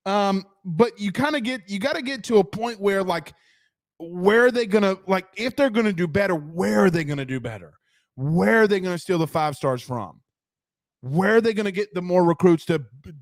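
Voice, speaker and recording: A man's voice: high voice, normal speed, dry recording, studio quality. A man hosting a casual sports podcast, ranting with rhetorical questions and reacting to the live chat. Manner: animated, rhetorical questions, reads chat aloud. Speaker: sports talk show host.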